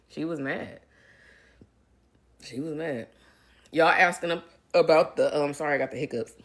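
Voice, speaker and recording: A woman's voice: sits low, measured pace. A middle-aged woman in casual livestream chat. She reads out viewer comments and answers them in a chatty way, calling her viewers y'all. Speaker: reality TV personality answering live viewer comments.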